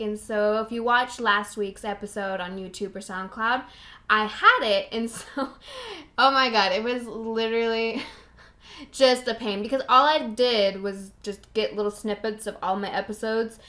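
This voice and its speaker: A woman's voice: a little high, steady tone, moderate pace, sharp tone. A young woman hosting her own podcast, chatting casually in a bubbly, rambling way and laughing at herself. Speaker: podcast host. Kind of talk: casual solo podcast chat.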